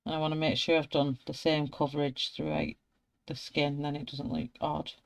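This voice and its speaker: A woman's voice: sits low, smooth. Chatty Wigan woman with a broad accent. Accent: Wigan, Lancashire. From Wigan, England. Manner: chatty, laughs often, greets viewers by name. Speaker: art tutorial host. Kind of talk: live colouring tutorial chat.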